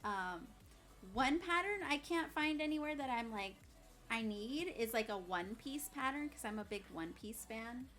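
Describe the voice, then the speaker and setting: A woman chatting casually on a crafting livestream, bubbly and quick to laugh, greeting viewers loudly and muttering to herself as she works. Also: a little high, lively intonation, soft background music. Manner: mutters and whispers to herself while working. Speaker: craft streamer.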